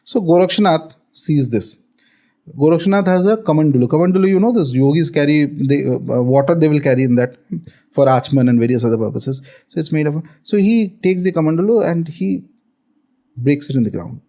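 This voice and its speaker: Indian guy, spiritual teacher telling a story, kinda high but mellow voice, keeps saying okay. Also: brisk. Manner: explanatory, frequent "okay" check-ins. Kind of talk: storytelling in conversation.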